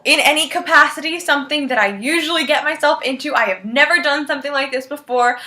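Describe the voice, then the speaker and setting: A woman's voice: high-pitched, a little fast, sharp tone. A young woman vlogging about books from her bedroom, upbeat and chatty. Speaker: book vlogger. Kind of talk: casual vlog talk.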